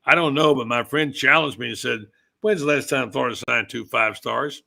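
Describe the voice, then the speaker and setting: Man, sports podcast host, casual rambling chat, gravelly, bright. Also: mid-range voice, fairly quick. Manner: rambling, conversational storyteller.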